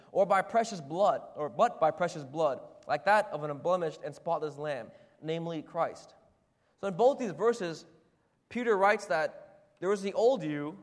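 Preacher, male, high voice, casual rhetorical sermon delivery, church hall with long reverb. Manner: conversational, rhetorical questions, frequent "right?".

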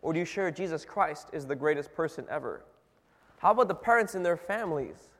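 A man's voice: fairly high pitch, expressive, brisk, a bit bright. A man giving a sermon in a loose, conversational way, asking his listeners question after question, with many fillers and restarts. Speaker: preacher. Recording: long hall reverb.

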